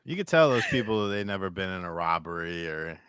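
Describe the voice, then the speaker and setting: A man hosting a podcast, joking and teasing in a deadpan way. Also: sits low, fast, a crowd in the background. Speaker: podcast host. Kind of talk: casual podcast banter.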